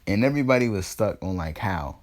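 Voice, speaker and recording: Laid-back young man with a lowish voice. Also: lively intonation, fairly quick. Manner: laid-back and profane, trailing off with ums and laughing at his own jokes. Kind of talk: casual fan-fiction storytelling.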